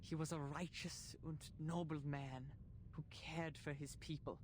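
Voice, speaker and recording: A man's voice: fairly high pitch, steady tone, unhurried, slight background noise, lightly acted. A man playing a pompous, theatrical eulogist. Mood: grandiose. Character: grandiose male mourner giving a florid eulogy. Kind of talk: game voice acting.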